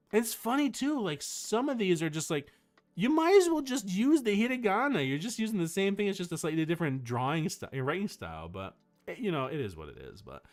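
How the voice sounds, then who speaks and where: A man streaming casual chat, telling a story in an animated way with frequent restarts. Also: a little high.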